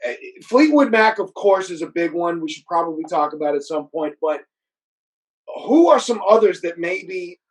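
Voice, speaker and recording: High-voiced laid-back male host. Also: expressive, normal speed, rough recording. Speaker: podcast host. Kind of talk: casual interview chat.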